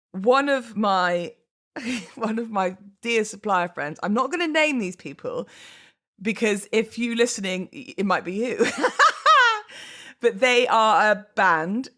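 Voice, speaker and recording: A woman's voice: mid-range voice, fairly bright tone. A woman hosting a casual solo podcast, chatty and oversharing, often laughing at herself and going off on asides. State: pregnant, baby kicking. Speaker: podcast host.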